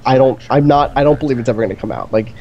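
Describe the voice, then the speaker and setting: A man's voice: mid-range voice, very fast, highs cut off, a little hiss or hum. A man co-hosting a gaming stream, talking in a casual, enthusiastic, rambling way with lots of fillers. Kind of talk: casual chat. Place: indoor streaming setup.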